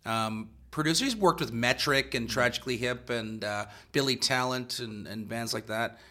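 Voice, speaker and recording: A man's voice: mid-range voice, normal speed, sharp tone. A man from a rock band chatting casually in an interview, rambling a little. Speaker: band member guest.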